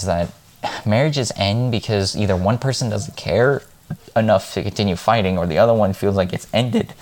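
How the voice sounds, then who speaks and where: A man's voice: lowish voice, darkish tone. A man vlogging in a casual monologue, talking in a frank, rambling and heated way.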